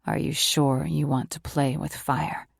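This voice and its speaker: A sly, self-assured man speaks low and measured in this audiobook, as a woman narrator puts him on. The voice sits very deep for her, with a gravelly grain and a dry, close sound. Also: level tone, no echo, exaggerated voice. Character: smooth confident man, sly and teasing. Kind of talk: audiobook character voice.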